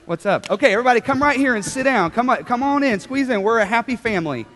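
A young man with a high, lively voice leads a children's sermon in a big church hall, upbeat and coaxing the kids to join in. His voice rings with a long reverb around the room. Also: fast talker.

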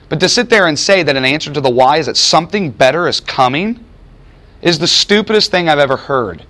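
Male preacher in the middle of a sermon, higher-pitched, emphatic, slows down to drive points home. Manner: animated, emphatic, rhetorical questions, slows for emphasis. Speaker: preacher teaching a Bible study.

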